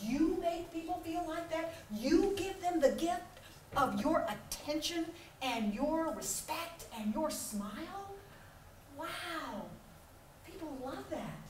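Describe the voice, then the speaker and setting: Speaking slowly in a high voice that swoops up and down, a middle-aged keynote speaker gives a motivational conference talk, animated and humorous, playing out small scenes with laughter. She is heard from a distance in a large, echoey hall, with a slight hiss or hum.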